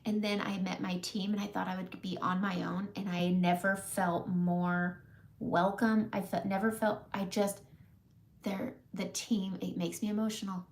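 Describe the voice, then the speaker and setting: A woman makeup vlogger talking casually and warmly to her viewers, emotional and close to tears at times, often laughing. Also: mid-range voice, little pitch movement, normal speed. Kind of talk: casual heartfelt talk to camera.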